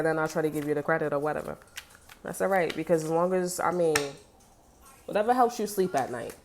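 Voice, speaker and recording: A woman's voice: low voice, slight background noise. A woman giving a casual tarot reading, blunt and sassy, swearing freely and talking straight to the viewer. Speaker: tarot reader.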